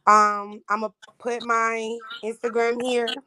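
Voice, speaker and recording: A woman's voice: a little high, flat delivery, takes it slowly, bright, forceful tone, slight background noise. Blunt slang-heavy young woman. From Florida. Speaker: audition contestant. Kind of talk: casual chat.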